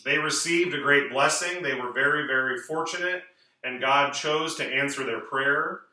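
Heard from a distance in a large, echoing church, a male priest with a bright, slightly high voice reads scripture and gives a homily. He reads liturgically, clearly and deliberately, pausing slowly for emphasis.

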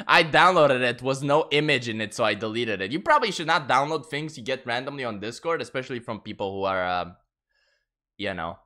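A male live streamer chatting casually with his viewers, swearing a lot and jumping into shrill outbursts. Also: expressive, brisk, sharp tone.

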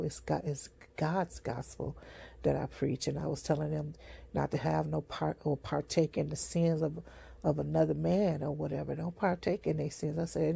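A sleepy street preacher tells a rambling testimony, full of restarts and fillers. The voice is husky and breathy with heavy gravel, and its tone is dark and mellow. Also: mid-range voice. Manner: repetitive, halting, many fillers and restarts. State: sleepy, yawning.

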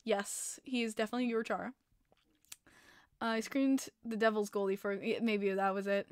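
A woman hosting a casual hockey podcast livestream, excitable, laughing often and swearing freely as she reads chat messages. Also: mid-range voice, moderate pace, clean tone, no echo, studio quality. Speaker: podcast host.

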